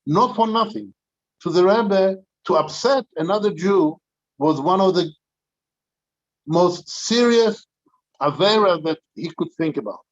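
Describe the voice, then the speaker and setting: A man's voice: high-pitched, animated, measured pace, long pauses, dull audio. An older man, a rabbi, telling an anecdotal story to a community gathering, with frequent restarts.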